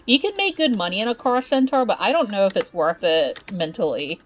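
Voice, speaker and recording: A woman chats with her live-stream audience while she plays, at an unhurried pace. She laughs often and keeps things loose and chatty, in a voice pitched neither high nor low. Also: big pitch swings, slight background noise. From Southern United States. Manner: talks slowly. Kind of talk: casual live-stream chat while gaming.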